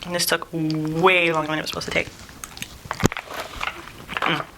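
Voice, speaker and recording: Young woman vlogger, gravelly lower voice, chatty and rambling, noisy home recording. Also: little pitch movement, moderate pace. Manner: rambling, says "like" constantly, laughs often; acts out her mom's voice in quotes. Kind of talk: chatty get-ready-with-me vlog.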